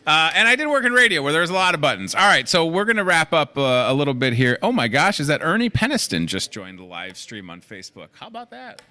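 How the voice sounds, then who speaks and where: Midwest guy hosting a store talk show, jokey, rapid-fire deals, sharp bright voice. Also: fairly high pitch. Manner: energetic, joking, rapid-fire deal listing. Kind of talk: upbeat promotional chat. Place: grocery store.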